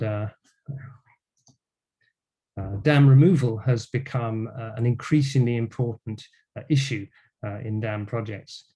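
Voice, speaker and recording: An older man giving an academic talk over a video call, measured and lecturing, with frequent fillers. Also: fairly low pitch, warm tone. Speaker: guest speaker.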